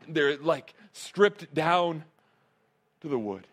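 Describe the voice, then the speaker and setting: A man's voice: high-pitched, a little slow. A male pastor preaching a sermon, earnest and emphatic, repeating his key phrases.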